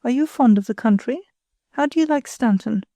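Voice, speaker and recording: A woman's voice: a little high, fairly quick, warm tone, no echo, natural voice. A woman reading the part of a pretentious, self-satisfied married woman who chatters condescendingly. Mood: patronizing.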